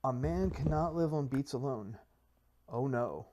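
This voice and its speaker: Speaking a little slowly in a darkish tone over a faint hiss or hum, a Minecraft server player and creator rambles through his gameplay. He hypes his schemes like a mock salesman, poking fun at himself and starting over mid-thought.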